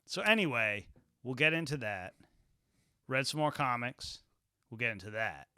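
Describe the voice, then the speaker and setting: Male podcast co-host, bright smooth voice, blunt, jokey, profane. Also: mid-range voice, animated, normal speed, dry recording, clean studio sound. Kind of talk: casual podcast chat.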